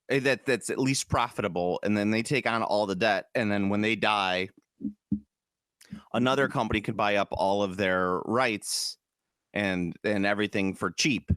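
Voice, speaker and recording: A man from Chicago with a lowish voice, chatting on a podcast. He rambles and jokes, swears freely and often breaks into mock voices. The sound is close and dry. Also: fairly bright tone, clear, resonant tone, no echo. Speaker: podcast co-host. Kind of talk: casual chat.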